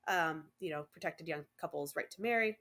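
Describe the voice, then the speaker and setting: A woman co-hosts a relaxed podcast, half chatting and half reading from a summary. She stops often to say um and uh, and her throat sounds a little dry. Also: deep voice, a little fast. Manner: chatty, reads notes with many ums. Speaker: podcast co-host. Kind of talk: casual chat.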